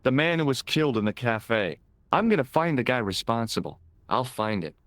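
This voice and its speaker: An earnest young American tourist hero from a video game, with an American accent and a clean-cut 1990s hero manner. His delivery is lively in pitch. The studio sound is dry. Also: moderate pace, no room sound.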